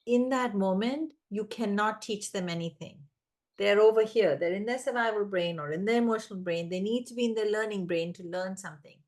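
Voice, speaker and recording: Woman, parenting expert, casual conversation, animated, acts out voices. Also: mid-range voice, a little fast.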